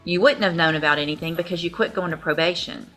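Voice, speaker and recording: A woman judge presiding in a courtroom, asking brisk, matter-of-fact questions. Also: on the low side, fairly even intonation, pushed and bright, faint music behind. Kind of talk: courtroom proceedings.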